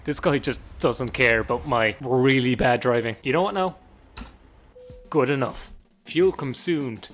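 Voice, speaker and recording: A man's voice: medium pitch, measured pace, a bit bright, soft background music. A young Irish man with an Irish accent giving sarcastic, self-mocking commentary while playing a game at a desk mic. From Ireland. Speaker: gaming YouTuber. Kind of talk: playthrough commentary. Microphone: desk mic with pop filter.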